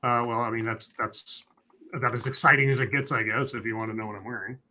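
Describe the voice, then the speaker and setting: A man with a bright, sharp-edged voice co-hosts a relaxed stream. He answers softly and hesitantly, trailing off as he thinks. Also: mid-range voice, quick pace. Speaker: co-host streamer. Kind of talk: casual livestream chat.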